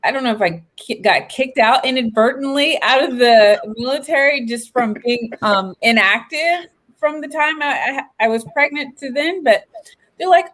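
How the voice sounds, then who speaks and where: A woman in her late thirties, a guest in an interview, talking in an animated, expressive and upbeat way. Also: high voice, normal speed. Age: 30s. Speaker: guest, veteran and entrepreneur. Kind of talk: casual interview chat.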